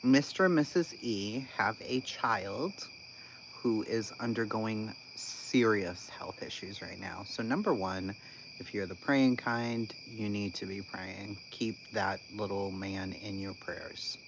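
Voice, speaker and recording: A man talks slowly and casually about online drama. He sounds incredulous and animated and laughs often. The recording is dull and lo-fi, with insects chirping steadily behind him. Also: lowish voice. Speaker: channel host. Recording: dull lo-fi sound with constant background noise.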